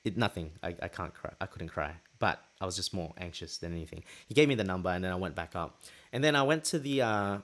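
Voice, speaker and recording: A man hosting a podcast, telling a personal story in a casual, lively way and acting out what people said. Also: low voice, quick pace. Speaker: podcast host.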